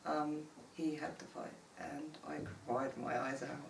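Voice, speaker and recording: A woman with a deep voice speaks softly and emotionally about her son. She is recorded from a distance in an echoey room with faint noise. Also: fairly even intonation, measured pace, creaky. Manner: emotional, soft-spoken. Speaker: boxer's mother. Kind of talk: documentary interview.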